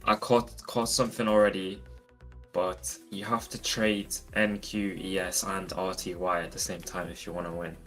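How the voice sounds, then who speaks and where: A man trader speaking casually in a soft, halting way. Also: deep voice, level tone, soft background music. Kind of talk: casual chat.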